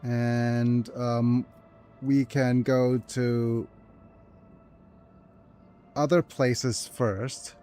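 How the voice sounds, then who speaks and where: A man with a middle-pitched voice gives a slow, soft-spoken walkthrough of a game he is playing. He trails off and restarts while he checks quests, and faint game music plays underneath. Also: level tone. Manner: slow, hesitant, muttering through game menus; soft low-key delivery, calling it his ASMR voice. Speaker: gaming video host. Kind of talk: let's play commentary.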